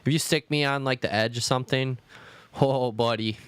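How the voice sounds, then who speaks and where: A man's voice: mid-range voice, fairly even intonation, moderate pace, a bit bright, smooth, dry recording. A man co-hosting a podcast in casual chat, easygoing, agreeing and chiming in with his own stories. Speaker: podcast co-host.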